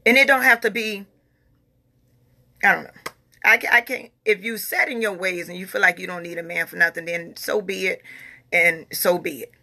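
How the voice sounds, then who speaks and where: A woman's voice: fairly low pitch, fairly even intonation, moderate pace, gravelly, bright, forceful tone. A woman in her forties talking casually and emphatically, repeating herself as she answers viewer comments. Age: 40s. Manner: emphatic, repeats phrases, Southern American informal grammar. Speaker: vlogger reading viewer comments. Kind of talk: casual opinionated talk.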